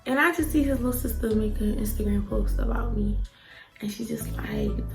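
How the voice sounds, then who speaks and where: A young woman telling a casual storytime vlog in a blunt, profane, animated way, acting out what people said. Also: a little high, normal speed, music in the background, low-quality recording. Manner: blunt, profane, animated retelling with quoted outbursts. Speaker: vlogger.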